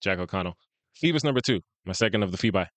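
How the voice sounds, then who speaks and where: A man's voice: low-pitched, animated, racing, no echo. A man co-hosting a podcast, chatting casually about fan casting and laughing often. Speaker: podcast co-host.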